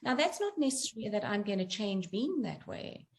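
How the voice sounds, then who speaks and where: A middle-aged woman, a guest author and coach, talking in a gentle, earnest, reflective way and explaining through personal examples. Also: medium pitch, sing-song, fairly quick, slight background noise. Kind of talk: reflective interview talk.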